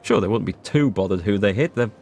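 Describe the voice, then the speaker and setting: A man's voice: on the low side, expressive, quick pace, creaky, a little mellow. A man casually commentating a video game as he plays, joking and talking to his chat. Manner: joking, talks to chat while playing. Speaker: gaming video host. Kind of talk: casual let's-play commentary.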